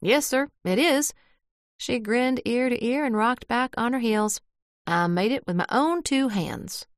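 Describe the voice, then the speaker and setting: A woman voicing an excitable, chatty small-town woman who talks in eager exclamations. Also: a little high, unhurried, dry recording, studio quality. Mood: excited.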